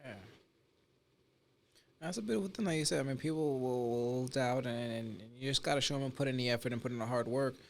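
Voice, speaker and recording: A man's voice: medium pitch, quick pace, vocal fry. A man hosting a podcast, asking questions in casual talk with hesitant restarts. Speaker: podcast host.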